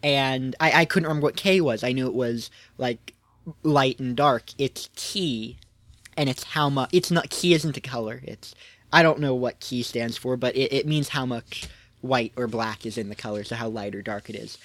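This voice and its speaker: A man's voice: mid-range voice, moderate pace, fairly bright tone, no room sound. A man co-hosting a podcast in casual chat, explaining things with hesitant restarts. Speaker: podcast co-host.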